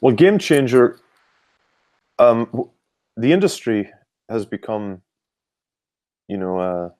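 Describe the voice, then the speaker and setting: A middle-aged Irish man, a performance coach, answering interview questions in a measured, explanatory way with frequent fillers. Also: medium pitch, big pitch swings, a little mellow, no room sound.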